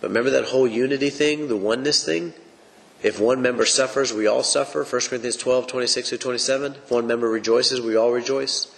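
A man's voice: mid-range voice, steady tone, quick pace, vocal fry. A man teaching the Bible on a podcast, preaching in an emphatic, folksy way. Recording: long reverb.

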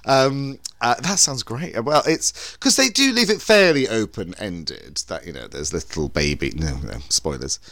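A man's voice: on the low side, sing-song, a little slow, few pauses, fairly bright tone, dry recording, studio quality. A man co-hosting a podcast, telling stories in a chatty, rambling way with many restarts. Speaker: podcast co-host. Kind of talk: casual chat.

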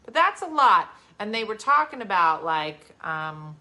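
Middle-aged mom host, bright chatty voice, casual live chat. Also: female voice, mid-range voice, big pitch swings, measured pace. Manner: chatty, reading comments aloud, lots of mm-hmms. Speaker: host, mother.

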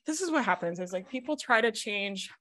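A woman coaching on a video call. She talks fast and animatedly, with many fillers. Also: medium pitch, lively intonation, a bit bright. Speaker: business coach.

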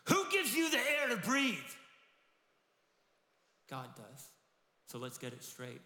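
Middle-aged male pastor, bright forceful delivery, animated sermon, echoey church hall. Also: medium pitch, creaky, slight background noise. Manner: animated, acts out quoted voices.

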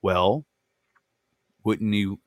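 Lively storytelling podcast host man. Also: lowish voice, drawn-out words, no room sound, clean studio sound. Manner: animated storyteller, laughs often, acts out dialogue. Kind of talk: casual chat.

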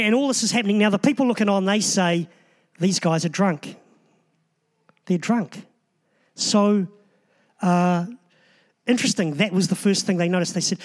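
A male preacher with a notably high voice delivers a sermon. He talks conversationally, often restarting phrases and slipping in casual asides. The tone stays more chatty than formal. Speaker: pastor.

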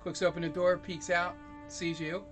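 A man's voice: high voice, little pitch movement, moderate pace, a bit bright, soft background music. A man running a tabletop role-playing game as game master, narrating hesitantly with many ums.

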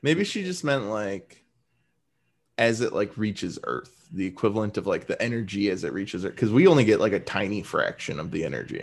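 Brief: man in a casual podcast chat, his pitch moving a lot, full of filler words. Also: moderate pace, gravelly. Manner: lively, many "like" fillers. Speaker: podcast co-host.

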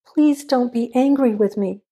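A woman's voice: a little high, measured pace, dark tone, slightly rough, pitched above the performer's own voice. A woman voicing an anxious young woman who pleads and gets defensive.

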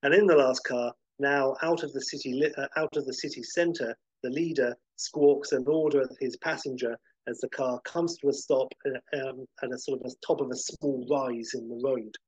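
A man hosting a podcast, casually rambling through a film pitch scene by scene with lots of fillers. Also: steady tone, moderate pace, hardly any pauses, slightly rough, dry recording, low-quality recording. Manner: rambling, many fillers and restarts, vivid scene-by-scene description.

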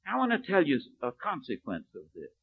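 A man preaching a sermon, telling a story and often dropping to a hushed, low delivery. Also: huge pitch swings, normal speed. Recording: narrow, phone-like lo-fi recording.

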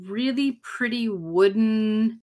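A young woman co-hosting a casual podcast, chiming in with jokes and quick asides. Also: fairly high pitch. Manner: joking, chimes in, lively swings. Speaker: podcast co-host. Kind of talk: casual chat.

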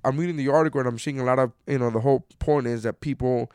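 A man in his thirties ranting casually, cursing often and swinging from low mutters to loud outbursts. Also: fairly even intonation, rapid-fire, clear, resonant tone, no room sound, studio quality. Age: 30s. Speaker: commentator reading an article. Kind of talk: casual rant.

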